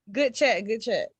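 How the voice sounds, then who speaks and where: A woman's voice: fairly high pitch, husky, no room sound. Brief: woman, mid voice, parent joining a call, dry close sound. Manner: laughing, reflective, loose. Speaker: attendee, parent. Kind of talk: casual webinar chat. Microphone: video call.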